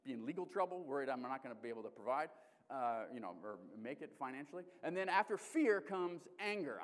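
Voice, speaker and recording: A male pastor with an Alaskan accent preaching a sermon in a conversational, animated way, restarting often. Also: mid-range voice, fast talker. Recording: long hall reverb.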